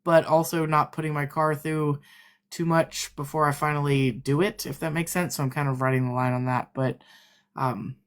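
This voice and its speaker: A man's voice: a little high, fairly even intonation, moderate pace, smooth. A man chatting casually with a co-host and the stream's viewers. He laughs easily, trails off and starts his sentences over as he talks. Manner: laughs often, trails off and restarts. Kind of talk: casual live-stream chat.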